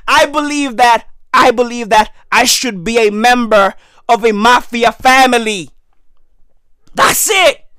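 A hoarse man losing his voice, delivering a loud, slangy comic rant that often breaks into shouting. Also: very high voice, fairly even intonation, measured pace, no room sound, clean studio sound.

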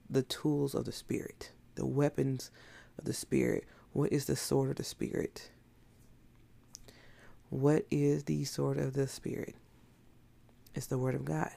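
Woman preacher, casual sermon, very gravelly, dark tone, blunt and emphatic. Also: extremely low pitch. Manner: emphatic, blunt, conversational preaching with rhetorical questions. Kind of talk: informal sermon.

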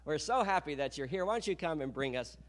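A man's voice: on the high side, expressive, fast, heavy background noise. A middle-aged man, a missionary pastor, making a fundraising appeal to a church in a preacherly way with rhetorical questions. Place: church sanctuary.

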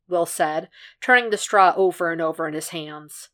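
A woman reading a fan fiction story aloud as a podfic narrator, in a measured, even storytelling manner. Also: fairly low pitch. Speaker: podfic reader.

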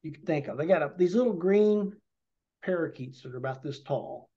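A man's voice: fairly high pitch, expressive, fairly quick, mellow. A man, a podcast guest, telling a rambling hunting story in vivid detail and a casual way. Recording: dull lo-fi podcast audio.

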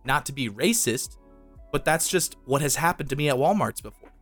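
A man in casual podcast chat, relaxed and swearing, often tacking "dude" onto his sentences. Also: medium pitch, a little fast, faint music behind. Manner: relaxed, profane, says dude a lot.

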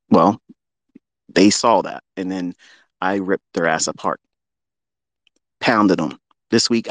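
Boastful and foul-mouthed, a man holds forth on a trading livestream, lurching between loud eruptions and quiet muttering. It's a dry recording.

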